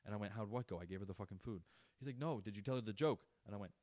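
Profane ranting podcast host, low voice. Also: male voice, very fast, a little mellow, no room sound, studio quality. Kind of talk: casual storytelling monologue.

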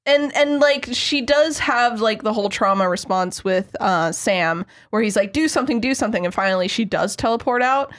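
A woman chatting casually about a movie, quick and laughing, rising in pitch when she makes a point. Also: fairly bright tone. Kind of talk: casual movie review chat.

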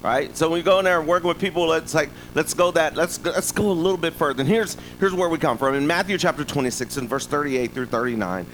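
A man's voice: fairly high pitch, fast talker, hardly any pauses, a bit bright, slight background noise, rough recording. A man preaching a sermon in a loose, conversational way, often checking in with "right?". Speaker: pastor.

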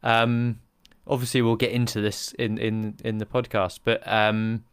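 An easygoing man co-hosting a podcast, rambling loosely and laughing often. His voice is low and smooth, recorded close and dry with no room around it. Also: level tone, a little slow, no room sound. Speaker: podcast co-host. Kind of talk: casual podcast chat.

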